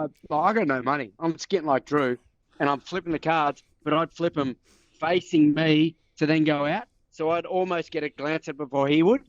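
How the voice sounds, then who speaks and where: Host: lively Australian ex-player, slightly muffled dry mic. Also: male voice, fairly high pitch, dry recording. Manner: animated, laughing storyteller. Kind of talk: casual storytelling chat.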